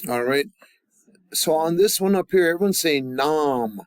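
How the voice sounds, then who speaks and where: A man teaching a language class, leading the students through call-and-response drills and pausing often with fillers and restarts. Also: fairly high pitch, lively intonation, smooth, dry recording. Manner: halting, with many fillers and restarts. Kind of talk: classroom grammar lesson.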